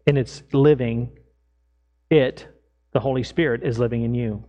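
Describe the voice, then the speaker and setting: A middle-aged man preaching as a pastor, telling everyday stories in a lively way and acting out his own lines. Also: mid-range voice, unhurried. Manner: animated storytelling, acts out his own lines loudly. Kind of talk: sermon with personal stories.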